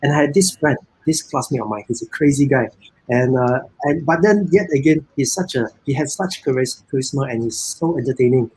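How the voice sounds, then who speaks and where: A man's voice: medium pitch, a little fast, a little mellow, breathy edge, rough recording. A man with a Malaysian English accent, a guest in a casual live chat, rambling with many restarts.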